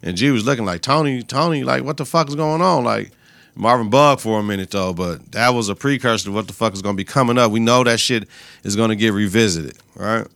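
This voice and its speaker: Male podcast host, bright gravelly voice, dry close sound, slangy profane recap. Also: fairly low pitch, fairly quick, dry recording. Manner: profane, slangy retelling with quoted lines. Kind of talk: casual TV episode recap.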